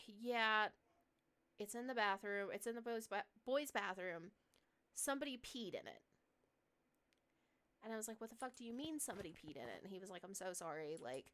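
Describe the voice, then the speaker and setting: Bright-voiced chatty woman streamer. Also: medium pitch. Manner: chatty, swears freely, many fillers. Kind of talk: casual storytelling while playing a horror game.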